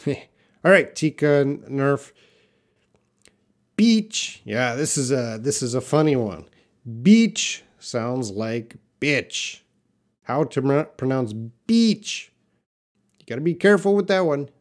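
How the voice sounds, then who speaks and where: A middle-aged man hosting a live English lesson, reading chat comments aloud and modelling words slowly. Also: medium pitch, expressive.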